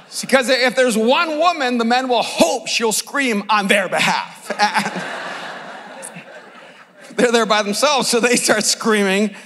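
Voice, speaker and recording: A middle-aged man preaching from a stage in a large conference hall, his voice notably high and bright. He tells the story with humor and bursts into shouted lines. A long hall reverb trails each phrase. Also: expressive, takes it slowly. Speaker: pastor. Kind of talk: sermon.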